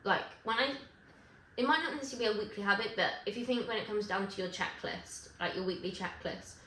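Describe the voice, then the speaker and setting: A woman vlogging to camera in casual chat, rambling and correcting herself with quick asides. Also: mid-range voice, bright, forceful tone, a little hiss or hum. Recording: echoey room with faint ambience.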